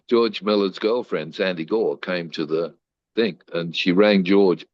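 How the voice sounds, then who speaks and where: An older man with a very deep, low voice tells stories from his life as an interview guest. He slips into the voices of the people he quotes and keeps the anecdotes lively. The sound is dry and a little dull, with no room echo. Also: measured pace. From Australia. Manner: animated storyteller who acts out quoted lines.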